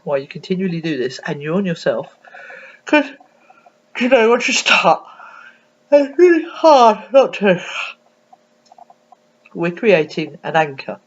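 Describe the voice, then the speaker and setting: Woman, anxiety coach, earnest and explanatory, animated pitch, dull webcam sound. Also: slight background noise. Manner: earnest, explanatory, with frequent ums and restarts. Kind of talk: casual spoken tutorial. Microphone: computer webcam.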